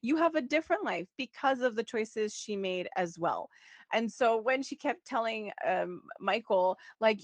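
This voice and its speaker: Animated and fairly high-pitched, a woman speaks at a moderate pace in a dry recording. As a podcast co-host, she recaps a soap opera in casual chat, quoting characters and laughing often.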